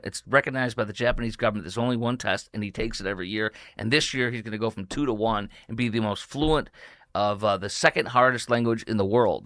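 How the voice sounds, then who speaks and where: A combative male talk radio host holds forth in a mid-pitched voice, hammering points home and speeding up in emphatic bursts. The sound is dry and close, with no room around it. He moves between reading ads and opinionated monologue. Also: fairly bright tone, dry recording.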